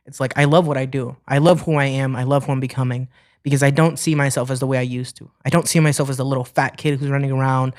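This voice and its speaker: Fast-talking young man telling stories. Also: medium pitch. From Ohio, US. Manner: animated, acts out quoted dialogue. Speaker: musician guest. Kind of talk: casual interview storytelling.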